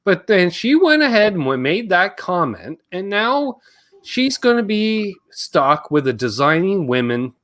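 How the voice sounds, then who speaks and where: A man's voice: high-pitched, big pitch swings, unhurried, fairly bright tone. A Canadian man hosting a live Q&A stream, casual and rambling, joking around and reading chat comments aloud.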